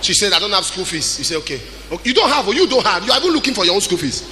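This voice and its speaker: A man preaches with a high voice that leaps up and down in pitch. He shouts his warnings, then drops low to tell a story from his own life. Music plays clearly under his words. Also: very animated, very fast. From Nigeria. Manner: exhorting, swings from shouting to quiet storytelling. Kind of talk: sermon. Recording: music behind the voice.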